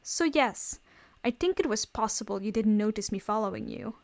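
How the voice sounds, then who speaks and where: A woman's voice: medium pitch, lively intonation, normal speed, creaky. A woman reading aloud, voicing a brash, foul-mouthed teenage boy thief who snaps and swears. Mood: defiant. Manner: rude, snapping, swearing.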